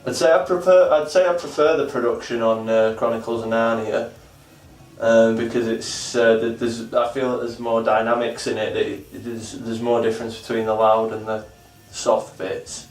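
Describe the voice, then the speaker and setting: A man's voice: medium pitch, steady tone, moderate pace. A man enthusing about albums in a casual vlog chat, earnest and rambling. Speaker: vlog co-host reviewing albums. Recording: roomy sound from a distant mic.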